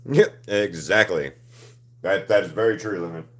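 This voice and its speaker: Streaming artist, young adult man, slightly low voice, rambling and swearing casually as he works. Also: normal speed. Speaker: artist livestreaming a painting session. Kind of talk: casual chat while painting.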